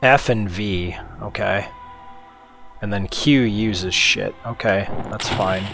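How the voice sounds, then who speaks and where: A man's voice: fairly low pitch, slow, creaky, over music. A man hosting a game playthrough, chatting and joking with mild swearing as he plays. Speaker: let's play host. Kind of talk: casual gameplay commentary.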